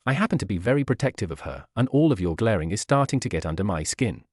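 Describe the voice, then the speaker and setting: A man reading aloud as a calm, protective teenage boy ninja in a fan story. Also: lowish voice, fast, no room sound, clean studio sound. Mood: firm. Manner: impassive, firm.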